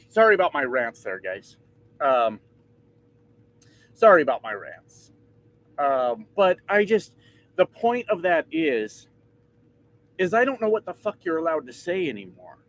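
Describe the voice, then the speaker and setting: A man's voice: fairly high pitch, sing-song, a little slow, pauses often. A man in his thirties ranting casually and profanely to his vlog audience from inside his truck, mocking himself along the way. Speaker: trucker vlogger.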